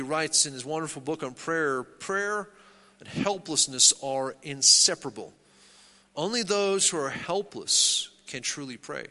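A man preaching an earnest, measured expository sermon, often reading quoted passages aloud. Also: high-pitched, bright, forceful tone. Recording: long echo of a hall.

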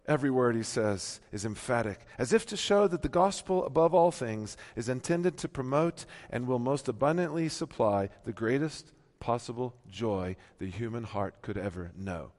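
A male pastor preaching a sermon, swinging from hushed reading to loud emphatic peaks. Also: medium pitch, animated, moderate pace, hardly any pauses. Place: church. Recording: long hall reverb.

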